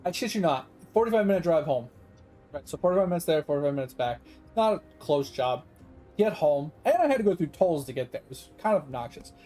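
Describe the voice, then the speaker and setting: A man's voice: fairly high pitch, fast talker, soft background music. A man streaming a game who tells a long, rambling story, acting out the people in it and swearing freely. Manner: rambling, animated, quotes people in dialogue, swears. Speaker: gaming streamer. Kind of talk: casual storytelling while gaming.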